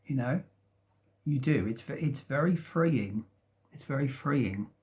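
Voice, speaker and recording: A man in his fifties, rambling casually at home about his past, hesitant and meandering with many restarts and soft chuckles. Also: medium pitch, lively intonation, unhurried. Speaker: vlogger. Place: at home, sitting in a sunlit room.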